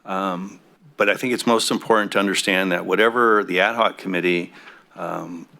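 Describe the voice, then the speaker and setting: A man on a city council giving remarks at a public meeting, speaking haltingly with many fillers, his voice a bit throaty. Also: low voice, fairly even intonation, vocal fry, bright, forceful tone. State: throaty coffee voice.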